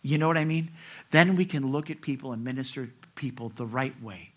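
A man's voice: medium pitch, a little fast, lo-fi sound. A man preaching a sermon in a conversational way, with rhetorical questions and mimicking voices. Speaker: pastor.

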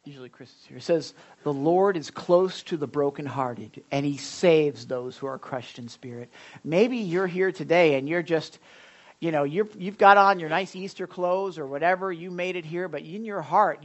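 Pastor, casual sermon voice, mid pitch, repeats words and quizzes the congregation. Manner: chatty, stumbles and repeats words, asks the congregation questions. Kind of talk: conversational sermon. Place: church service.

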